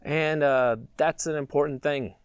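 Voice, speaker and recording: A man's voice: on the high side, fairly even intonation, measured pace, clean tone, no room sound. A man hosting a prepper vlog, talking in a casual, rambling way and chuckling to himself as he muses. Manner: rambling, chuckling, musing aloud. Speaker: prepper channel host.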